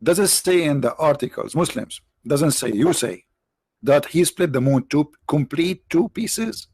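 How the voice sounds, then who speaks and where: A man with non-native English phrasing hosting a livestream, mocking his subject with rhetorical questions, his voice tired and his throat often cleared. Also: fairly high pitch, expressive, unhurried, a little mellow, dry recording. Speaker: livestream host. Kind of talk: mocking debate commentary.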